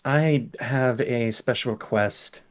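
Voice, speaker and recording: Soft-spoken man tabletop player. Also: medium pitch, takes it slowly. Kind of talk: playing a character in a tabletop game.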